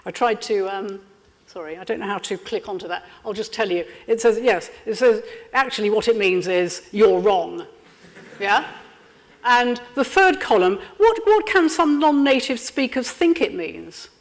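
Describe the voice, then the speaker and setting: Woman, workshop trainer, interactive, lively, fairly high voice, reverberant lecture room. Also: normal speed. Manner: lively, checks in with frequent "yeah?".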